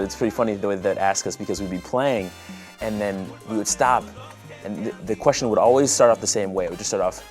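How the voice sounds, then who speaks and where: A male musician in a documentary interview, talking in a relaxed way and laughing easily. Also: on the low side.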